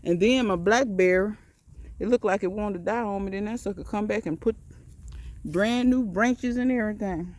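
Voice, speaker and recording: A woman strolls through her backyard garden, filming on her phone. She rambles in a folksy, chatty way, pointing out plants and talking straight to the viewers. Her voice sits at a middling pitch, neither high nor low. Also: moderate pace, darkish tone, dry recording. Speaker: home gardener giving a garden tour. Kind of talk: casual walk-and-talk tour. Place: outdoor backyard garden and greenhouse.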